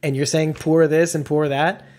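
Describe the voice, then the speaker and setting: A podcast co-host chatting casually, with a voice in an ordinary middle pitch. The talk is jokey and loose, full of laughter and rambling asides. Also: level tone, normal speed, darkish tone. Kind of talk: casual chat.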